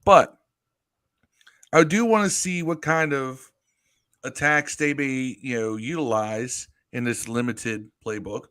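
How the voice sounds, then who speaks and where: A man co-hosting a podcast, talking sports in an animated, storytelling way with casual swearing. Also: mid-range voice, slow, smooth. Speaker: podcast co-host. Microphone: live stream podcast mic.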